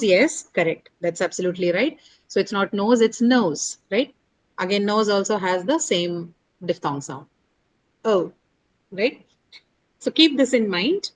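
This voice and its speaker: A woman's voice: mid-range voice, low-quality recording. A woman teaching an English pronunciation lesson, spelling words out letter by letter and checking in with "right?" after each point. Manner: explains patiently, asks "right?" after most points. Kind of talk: online phonetics lesson.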